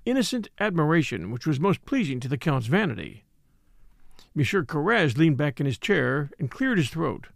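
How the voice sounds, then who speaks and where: A man with a gravelly, fairly high voice tells a classic detective novel in a measured storyteller's way. His pitch swings widely through the sentences. The recording is close and dry. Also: no room sound. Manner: measured storytelling, slips into higher voices for characters. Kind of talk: audiobook narration with character voices.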